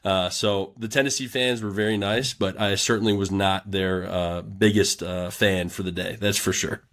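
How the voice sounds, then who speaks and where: A young man, a strength coach, telling lively stories in a casual podcast chat and acting out a shouting coach. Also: low voice, normal speed. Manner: animated storyteller who acts out a shouting coach.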